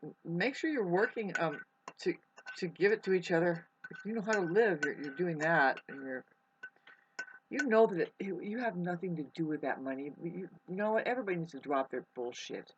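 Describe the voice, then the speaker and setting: A woman's voice: lowish voice, expressive, a little fast, slightly rough. A woman vlogger rambling in a casual monologue. She swears freely, restarts her sentences often and eats while she talks. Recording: muffled lo-fi recording.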